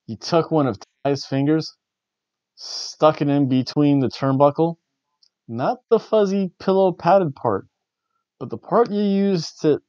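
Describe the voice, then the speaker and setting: A man's voice: a little high, a little mellow, no room sound, lo-fi sound. A man hosting a wrestling review show, rambling in casual chat with wry, jokey asides. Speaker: wrestling review podcast host.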